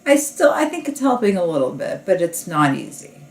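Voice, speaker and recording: A woman's voice: on the low side, very animated, normal speed, darkish tone. A woman comedian talking in a rambling, casual podcast monologue, full of "like" fillers and restarts. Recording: roomy echo.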